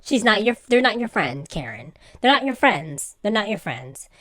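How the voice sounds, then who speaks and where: A woman's voice: mid-range voice, sing-song, normal speed, fairly bright tone. A woman giving a casual, exasperated recap rant about a reality show, acting out the people she quotes in mock voices. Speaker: reality TV commentator.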